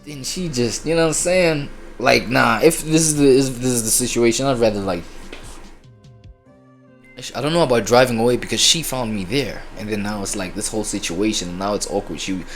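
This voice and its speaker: A man's voice: medium pitch, brisk, faint music behind. A man hosting a reaction video, rambling in casual slang with lots of fillers.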